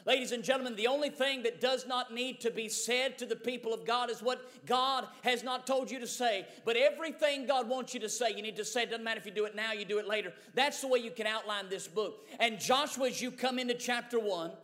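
Male preacher, very high-pitched, rhythmic repetition, fervent Pentecostal delivery in a church sanctuary. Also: fairly quick, few pauses, bright, forceful tone. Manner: building to Pentecostal preaching fervor. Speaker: pastor. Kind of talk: sermon. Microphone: mic run through a sound board.

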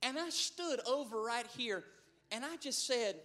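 High-voiced preacher. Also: male voice, animated, a little slow. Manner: storytelling, building to shouted preaching. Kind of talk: sermon.

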